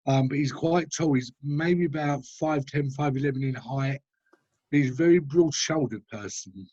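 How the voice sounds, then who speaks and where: A man giving a mediumship demonstration over a video call, halting and hesitant as he describes at length. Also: medium pitch, darkish tone, lo-fi sound. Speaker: spiritualist medium.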